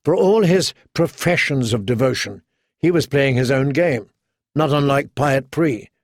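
A man reading a fantasy novel aloud in steady, measured scripted narration. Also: medium pitch, no room sound, studio quality. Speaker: audiobook narrator.

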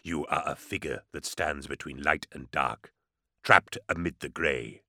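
A man voicing an ancient, solemn male psyker regent who speaks slowly and gravely in an audiobook. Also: extremely low pitch, pushed and bright, no echo, studio quality, pitched below the performer's own voice, heavily acted. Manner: slow, grave, intoning. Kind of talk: audiobook character voice.

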